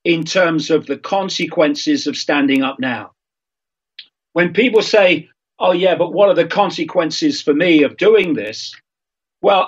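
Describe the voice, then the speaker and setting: An older man speaking as a talk-show guest in an earnest, emphatic monologue, halting with fillers and with a frog in his throat. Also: fairly high pitch, slightly rough, lo-fi sound.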